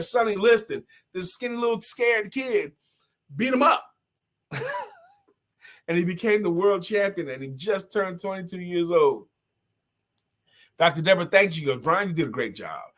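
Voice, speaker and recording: A middle-aged man hosting a live talk show, reading out viewer comments and singing short jingles in an animated way. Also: high voice. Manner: animated, sing-song jingles, bursts into shouts. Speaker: host.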